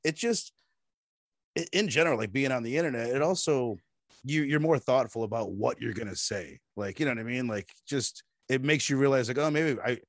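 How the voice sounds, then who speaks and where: Animated casual young man, dry sound. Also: medium pitch, fairly quick, dry recording. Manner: animated storyteller, says "bro" and "dude". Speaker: podcast host. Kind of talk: casual chat.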